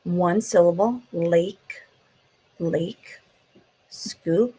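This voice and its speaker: A woman teaching a phonics lesson to young children, slowly sounding out letters and tapping out words. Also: fairly low pitch, mellow, husky, rough recording.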